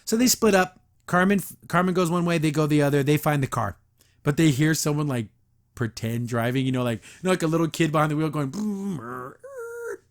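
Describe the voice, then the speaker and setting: Excitable man recapping a cartoon. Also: a little high, fast. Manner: enthusiastic, rambling, frequent restarts and laughs. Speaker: podcast host reviewing a cartoon episode. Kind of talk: casual recap and reaction.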